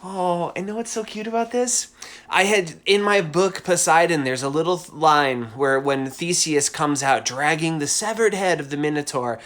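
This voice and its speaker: A man with a slightly high voice chats casually from home while he hosts a live drawing stream. He talks in a rambling, enthusiastic way, full of asides and quick tangents. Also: a bit bright. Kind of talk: casual livestream chat.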